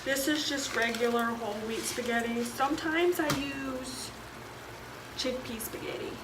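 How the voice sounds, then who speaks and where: Heavy background noise surrounds this high-pitched young woman, who speaks at a measured pace. She's a college student vlogger filming a casual cooking video, chatty and self-deprecating, frequently exasperated at her own mishaps, in an echoey room with clattering dishes.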